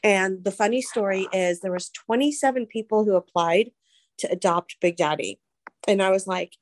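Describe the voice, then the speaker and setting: A woman's voice: mid-range voice, normal speed, dry recording. Chatty emotional woman. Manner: emotional, chatty, animated storyteller. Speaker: guest. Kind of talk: casual interview chat.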